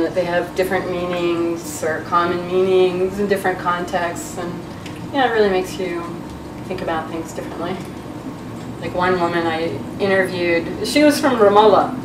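A woman's voice: lowish voice, noisy background. A woman anthropologist in a documentary interview, talking reflectively and conversationally with many "you know" fillers and dropping in Arabic phrases. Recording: music playing under the voice.

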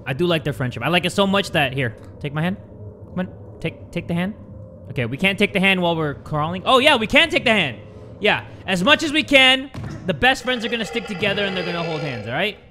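A young man giving jokey, excitable commentary while playing a game, jumping between loud yelps and low mutters. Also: fairly quick, slight background noise. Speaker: gaming YouTuber. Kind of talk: let's play commentary.

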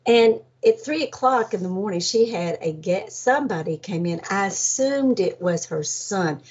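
Husky older woman telling a story. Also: medium pitch, moderate pace. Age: 70s. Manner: animated storyteller, acts out voices, laughs often. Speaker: energy healer guest. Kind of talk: storytelling about a near-death experience. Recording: dull lo-fi audio.

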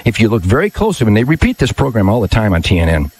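A man's voice: lowish voice, huge pitch swings, very fast, a little mellow, slight background noise. A man guesting on a radio show, telling a story in a boisterous, swaggering way with frequent laughter, on a studio microphone. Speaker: guest musician.

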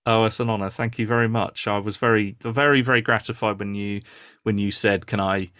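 A man being interviewed, chatting modestly and warmly about his videos, with lots of restarts. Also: on the low side, steady tone, brisk, smooth, no room sound, studio quality. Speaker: guest, YouTube reviewer. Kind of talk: casual interview chat.

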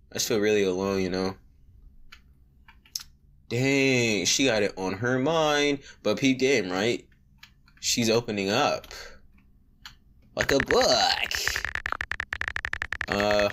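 A man's voice: on the low side, lively intonation, measured pace, long pauses, fairly bright tone, a little hiss or hum. A young man giving joking, slangy commentary while playing a text-message game, reading the messages aloud and breaking into mock singing. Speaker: gaming video creator. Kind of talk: casual gameplay commentary.

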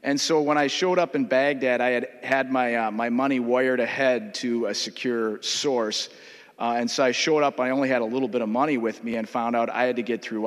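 Minnesotan male state legislator, mid-pitched, halting anecdotal memorial speech with lots of fillers, long chamber reverb. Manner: conversational, halting, many uh fillers.

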